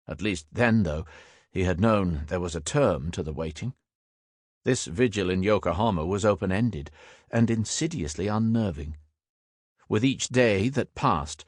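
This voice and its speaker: Deep-voiced male audiobook narrator. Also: dry recording, studio quality. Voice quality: measured, even storytelling.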